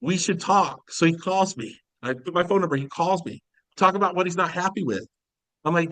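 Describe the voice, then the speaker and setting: A man's voice: sits high, a little fast, fairly bright tone, no room sound, rough recording. A man giving a casual sales coaching talk on a video call, acting out quoted conversations and laughing often. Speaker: insurance sales leader. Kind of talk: casual recruiting training talk.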